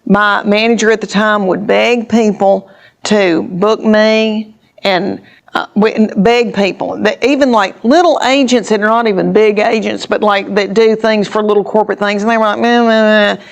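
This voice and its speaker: Woman, fifties, comedian, rambling interview storytelling, restarts a lot, mid-pitched voice. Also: steady tone, moderate pace, creaky. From Tennessee, USA. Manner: chatty, rambling, with many restarts. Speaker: stand-up comedian.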